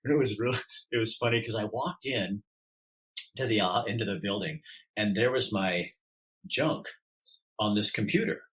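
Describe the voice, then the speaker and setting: A middle-aged man, a podcast guest, telling his story in an animated way and acting out the dialogue. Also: fairly low pitch, moderate pace, long pauses, poor audio. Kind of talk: storytelling in an interview.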